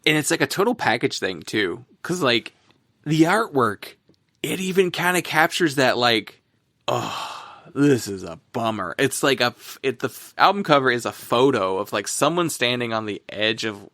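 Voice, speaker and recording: A man co-hosting a podcast, talking about music in a rambling, casual way, full of fillers and quick laughs. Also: medium pitch, expressive, pushed and bright, no echo, studio quality. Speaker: podcast co-host.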